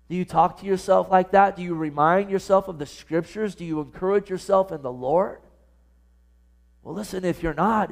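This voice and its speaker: High-voiced man preaching a sermon. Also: a little mellow. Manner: earnest, asks the congregation direct questions. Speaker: pastor. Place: church service.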